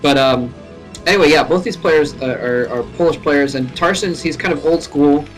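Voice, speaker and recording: A man casually commentating a live match from his home computer, chatty and laughing often, his voice rising sharply at exciting moments. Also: fairly high pitch, normal speed, soft background music, poor audio. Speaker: esports caster. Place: home room.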